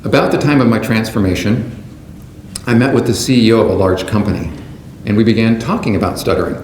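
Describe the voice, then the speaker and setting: Man giving a measured speech in an echoing hall. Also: on the low side, darkish tone. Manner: measured, deliberate delivery from a script. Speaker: conference keynote speaker. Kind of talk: prepared speech to an audience. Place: large conference hall. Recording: roomy hall sound with faint background noise.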